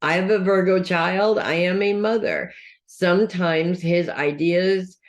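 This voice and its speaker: A woman's voice: fairly low pitch, steady tone, a little slow. Chatty woman giving weekly horoscopes. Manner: chatty, self-correcting, talks straight to viewers. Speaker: astrology reader. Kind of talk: casual weekly horoscope reading.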